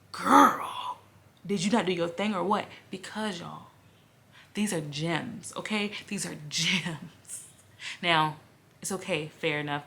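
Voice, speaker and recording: A woman reviewing romance books in a casual vlog, chatty and emotional, often saying "y'all" and laughing as she gushes. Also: lowish voice. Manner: gushing and animated, laughs while talking. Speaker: book vlogger.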